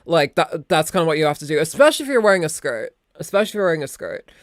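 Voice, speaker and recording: A woman's voice: deep voice, sing-song, racing, no room sound. A young adult woman streaming as a VTuber, chatting casually and rambling, swearing now and then into a close desk mic. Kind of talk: casual live-stream chat.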